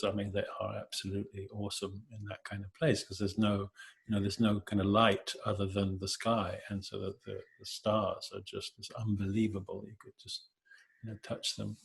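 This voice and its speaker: A middle-aged man giving a gentle, halting meditation talk, full of hesitations and filler words. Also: on the low side, completely flat delivery, creaky. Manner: gentle, hesitant, many "you know" fillers. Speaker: meditation teacher.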